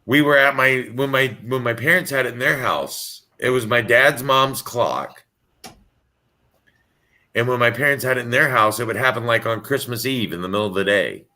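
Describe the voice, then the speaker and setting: A man tells a personal story over a video call, his voice bright and clear. He talks casually and haltingly, often restarting and repeating words. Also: mid-range voice. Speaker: caller sharing a story.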